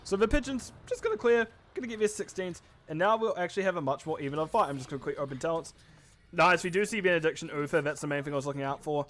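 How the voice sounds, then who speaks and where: A man casting a live esports match with quick, chatty play-by-play commentary, often correcting himself mid-sentence. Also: on the high side, a bit bright. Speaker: esports caster.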